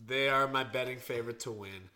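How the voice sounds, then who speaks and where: A man in a casual panel chat, lively and joking, with quick asides about rugby. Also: mid-range voice.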